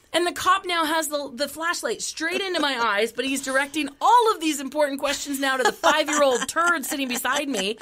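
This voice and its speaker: A woman's voice: high voice, normal speed. A woman in her forties, a podcast co-host telling funny stories in a casual chat and acting out the voices. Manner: animated comic storyteller, acts out voices.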